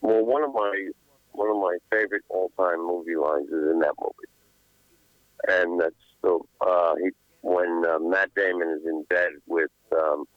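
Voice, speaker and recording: A man speaking as a guest musician on a radio show, relaxed and hesitant with many fillers. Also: low-pitched, measured pace, no echo, narrow, tinny audio. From New York. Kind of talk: casual radio interview.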